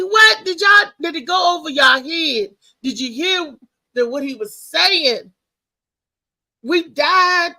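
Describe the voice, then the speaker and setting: A woman hosting a live talk show, who talks loudly and excitably and tells family stories. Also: very high voice, takes it slowly. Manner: animated, loud and excitable, telling family stories. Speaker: host. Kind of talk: casual live-show monologue.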